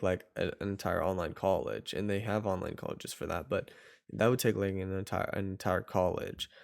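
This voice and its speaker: This coach's voice sits on the low side and is a little mellow. He takes viewers through an online course in casual, chatty fashion, rambling, restarting sentences and correcting himself as he goes.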